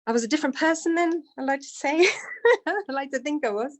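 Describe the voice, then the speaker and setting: A woman's voice: high-pitched, animated, fairly quick. A woman telling a personal story in a candid, self-deprecating way. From United Kingdom. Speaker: devotee sharing testimony.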